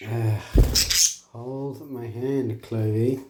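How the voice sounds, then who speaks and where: Very deep-voiced woman cooing at birds. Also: extremely slow, long pauses. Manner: coos at her birds in high baby talk with big pitch jumps. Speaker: pet bird owner filming her budgies. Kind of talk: casual pet vlog chatter. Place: at home with pet birds. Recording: echoey room, steady background noise.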